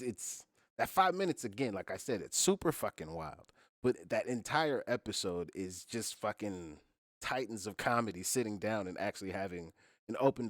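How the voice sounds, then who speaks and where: A man's voice: on the low side, no room sound, clean studio sound. A man hosting a podcast in casual chat, explaining his view at length with plenty of profanity. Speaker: podcast host.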